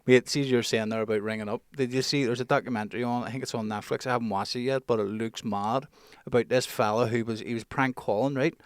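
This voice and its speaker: A man's voice: medium pitch, steady tone, fast, hardly any pauses, clean tone, no echo. A young man tells stories in loose, sweary podcast banter, laughing often. His voice sits in the middle range, and the close mic sounds dry, with little room in it. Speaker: podcast co-host. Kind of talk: casual chat.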